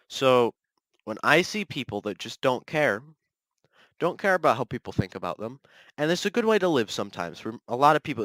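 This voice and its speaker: A man's voice: mid-range voice, a bit bright, no room sound. A man hosting a solo podcast, ranting in a restless, self-correcting way. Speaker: podcast host.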